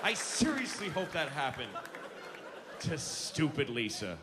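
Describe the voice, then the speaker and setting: A man's voice: fairly high pitch, big pitch swings, unhurried. A man doing a stand-up routine, ranting in exasperation and mocking how other people talk. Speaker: stand-up comedian. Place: comedy stage before an audience. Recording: live club with crowd laughter and noise.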